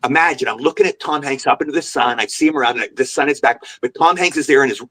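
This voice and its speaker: An older man rattles off show-business anecdotes at a brisk clip on a podcast. He tells them with animated energy, and his pitch sits in an ordinary middle range. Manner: animated anecdotal storyteller, jumps into voices for quotes. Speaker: guest actor. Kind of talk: podcast interview storytelling. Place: remote podcast call.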